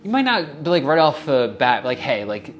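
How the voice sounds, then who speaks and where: A man's voice: medium pitch, sing-song, normal speed, faint music behind. A young adult man hosting a wellness talk, speaking earnestly and casually about healing, with the odd swear and open emotion. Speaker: wellness podcast host. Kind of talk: heartfelt self-help monologue.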